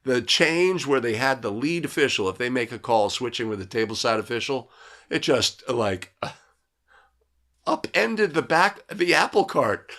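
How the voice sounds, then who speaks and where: Animated man coaching referees. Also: mid-range voice, a little slow. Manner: conversational, keeps asking "right?"; reads out and answers viewers' comments. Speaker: basketball officiating instructor. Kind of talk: live video breakdown lesson.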